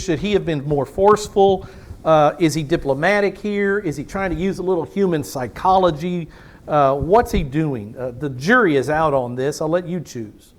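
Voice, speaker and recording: A man preaching a Bible-teaching sermon, emphatic, asking rhetorical questions. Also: on the high side. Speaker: pastor.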